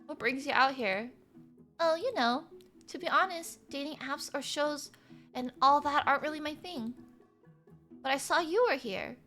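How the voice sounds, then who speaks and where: A woman puts on a soft, gentle girl who runs the student council, her voice pitched high and kept quiet. She scolds lightly but stays sweet, like a dating-game childhood friend. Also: moderate pace, pauses often, soft background music.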